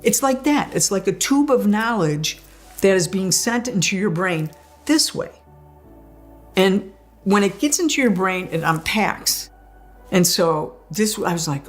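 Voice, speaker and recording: A woman recounting her near-death experience, an animated storyteller who acts out the voices she heard. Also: medium pitch, unhurried, faint music behind. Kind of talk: personal testimony.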